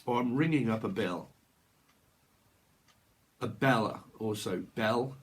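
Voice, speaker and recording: A tarot reader with a lowish male voice gives a casual reading, rambling through playful word associations. He acts out customers using quick, silly voices.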